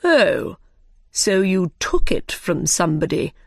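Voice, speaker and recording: A stern, bossy storybook king gives slow, commanding orders, as a woman puts him on. The voice stays close to her own reading voice. The recording is dry and close. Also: on the low side, sing-song, dry recording, full character voice.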